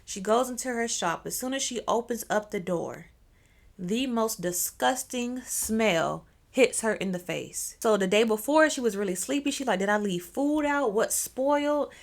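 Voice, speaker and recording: A woman's voice: fairly high pitch, expressive, normal speed, vocal fry. A young woman telling a story in a casual, chatty way, with slangy asides to her viewers. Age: young adult. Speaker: storyteller host.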